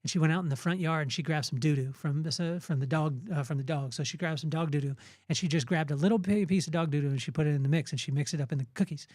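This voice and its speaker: A man's voice: fairly high pitch, quick pace, a little mellow, no echo, studio quality. A middle-aged man hosting a podcast, giving an earnest, preachy motivational faith talk with spontaneous storytelling. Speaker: podcast host.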